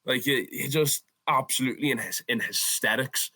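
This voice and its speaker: Bright-voiced Scouse lad telling stories. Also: male voice, mid-range voice, normal speed. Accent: Liverpool (Scouse). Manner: animated, swears freely, says "lad" often, bursts into laughter. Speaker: podcast guest, football fan. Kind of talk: casual storytelling.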